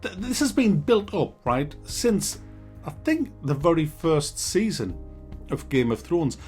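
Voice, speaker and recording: A man's voice: on the high side, big pitch swings, unhurried, darkish tone, faint music behind. A man giving a casual, exasperated, sweary video review rant. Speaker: game reviewer.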